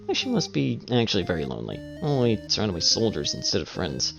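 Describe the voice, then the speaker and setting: Gravelly man reading a game aloud. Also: mid-range voice, huge pitch swings, fast talker, few pauses. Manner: casual, swearing, joking. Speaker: game streamer. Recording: slightly dull audio with faint music.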